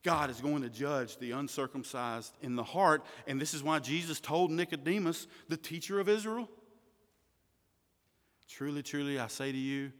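A man preaching a sermon, emphatic, swinging from hushed words to loud declarations. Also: on the high side. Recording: long hall reverb.

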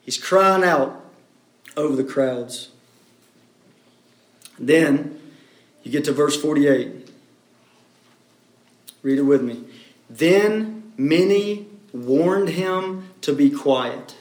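A man preaching a sermon in a dramatic way, swinging between hushed low lines and loud cries. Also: extremely slow, long pauses, roomy sound. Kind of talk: expository sermon.

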